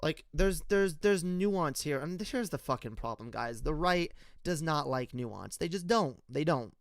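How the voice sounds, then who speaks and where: A man's voice: fairly high pitch, lively intonation, unhurried, no room sound, studio quality. A young man giving an unscripted, rambling commentary rant, heated and profane, addressing his viewers directly. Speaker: political commentator.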